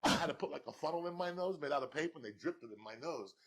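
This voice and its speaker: Gravelly, fast-talking storytelling man. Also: fairly high pitch, expressive. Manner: loud, laughing, swings between shouting and muttering. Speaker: podcast guest storyteller. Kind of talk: profane comedic storytelling.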